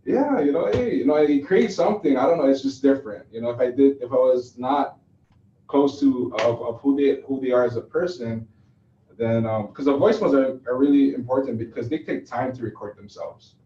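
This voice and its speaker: A man's voice: medium pitch, fairly even intonation, brisk, warm tone, a little hiss or hum. A man leading a sales training session, talking loosely and chattily with many fillers. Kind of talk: classroom training talk. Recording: echoey, distant, dull room recording.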